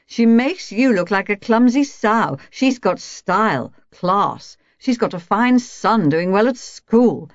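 A woman's voice: mid-range voice, lively intonation, slow pace, hardly any pauses, no echo, muffled recording, voice pushed up. A woman mimicking a drunken, brutish husband with a thick, sneering voice.

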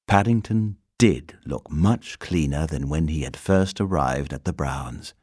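A man reading a children's story aloud as narrator, gentle and expressive. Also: a bass voice, unhurried, few pauses, husky, dry recording, clean studio sound.

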